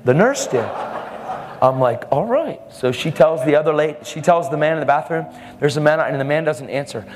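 A man's voice: on the high side, brisk, slight background noise. A man preaching a sermon, telling a testimony story in a fervent, emphatic way. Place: church service hall. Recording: reverberant hall.

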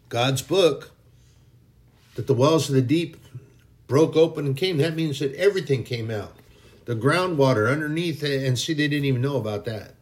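A man preaching an informal sermon in a folksy, emphatic way, now and then mocking people in a put-on voice. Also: on the high side.

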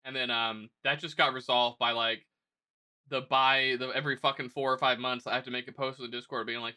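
A young man co-hosting a podcast, telling animated stories in a casual, profane way. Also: mid-range voice, fairly quick, clear, resonant tone. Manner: animated storytelling, lots of swearing. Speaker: podcast co-host. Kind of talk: casual chat.

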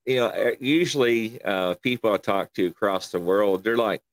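A podcast host from Kentucky, USA, speaks with a country accent in a somewhat low voice at a moderate pace, with no echo. He runs a casual interview chat as an animated storyteller, chuckling often.

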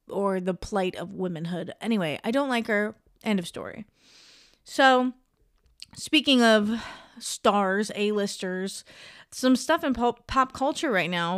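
Young woman, podcast host, casual gossip rant, opinionated, smooth voice, dry close sound. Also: mid-range voice, no room sound. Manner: chatty, opinionated, ranting gossip. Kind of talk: casual solo podcast chat.

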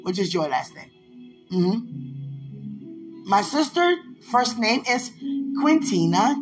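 Woman vlogger, high voice, giggly and rambling, big swings in pitch, music playing behind. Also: poor audio. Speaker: vlogger addressing a loved one. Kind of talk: casual direct-to-camera talk. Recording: music bed under the voice.

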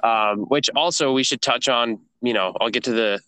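A man's voice: mid-range voice, moderate pace, pushed and bright, clean tone, no echo, low-quality recording. A man co-hosting a sports podcast, talking in a laid-back, conversational way. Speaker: podcast co-host. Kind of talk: casual chat.

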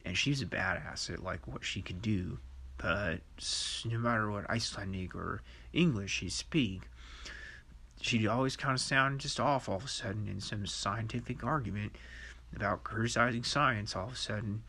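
A man's voice: on the low side, moderate pace, creaky, sharp tone, husky. A man hosting a podcast in a rambling, profane monologue, laughing to himself. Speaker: podcast host.

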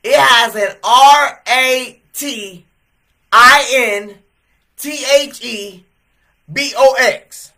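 Brief: a man doing an indignant young guy, high and bright, loud and insistent, sermon anecdote. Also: expressive, drawn-out words, heavily acted. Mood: emphatic. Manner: indignant, emphatic. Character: excited young man shoe shopper.

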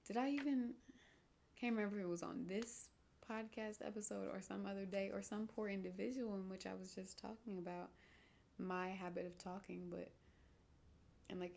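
This young solo podcast host has a medium-pitched, gravelly voice with fairly even intonation, a moderate pace and long pauses. She rambles away from her topic, teases herself and often lowers to whispers.

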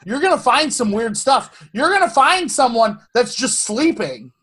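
A man's voice: extremely high pitch, sing-song, unhurried, fairly bright tone, slightly rough. A man co-hosting a podcast, chatting casually with a loose, rambling delivery, lots of swearing and restarts. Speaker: podcast co-host. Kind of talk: casual chat.

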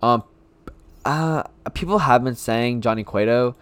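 A man rambles through casual solo sports talk as a frustrated fan, circling back and repeating his points. His voice is smooth and clear, recorded dry and close with no room around it. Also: mid-range voice, unhurried, fairly bright tone, no echo.

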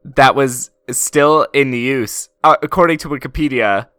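A man's voice: mid-range voice, a little slow, fairly bright tone, smooth, dry recording. A man co-hosting a podcast, chatting about an old film and adding trivia and dry corrections. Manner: adds trivia and wry corrections. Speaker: podcast co-host. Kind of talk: casual film discussion.

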